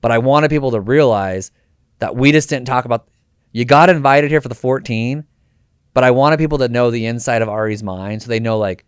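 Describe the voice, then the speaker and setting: In clean studio audio with no echo, a male podcast host speaks at medium pitch in a brisk, clear, resonant voice. He conducts an interview casually and with energy, mixing in slang and performed quotes.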